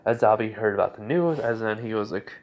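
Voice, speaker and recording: A man's voice: on the low side, fairly quick, a little mellow, dull audio, a little hiss or hum. A man casually narrating a fan story in a loose, rambling way. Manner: rambling, loose, full of "like" and "he was like".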